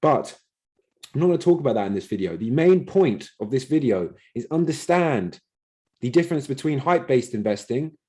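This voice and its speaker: A man's voice: medium pitch, big pitch swings, normal speed, mellow. A man hosting an investing channel, explaining a point to camera emphatically and repeating words for stress. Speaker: crypto channel host.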